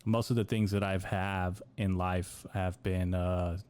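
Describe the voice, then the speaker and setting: A man's voice: deep voice, flat delivery, unhurried, a little mellow, smooth. A young man from the United States hosting a podcast, rambling through a crude, profane comedic monologue full of dude and bro. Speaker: podcast host.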